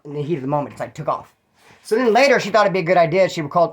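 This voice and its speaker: Fast-talking rambling man. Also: high voice, expressive. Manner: rambling, slangy, acts out quoted voices. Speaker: ex-prisoner telling stories on his channel. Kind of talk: casual storytelling monologue.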